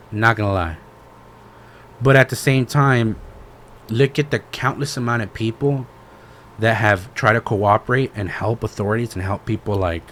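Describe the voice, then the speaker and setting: Over a little hiss or hum, a male podcast co-host rambles in casual chat, slangy and filler-heavy, tossing out "bro" as he retells events at ease. His voice is lowish and a bit bright.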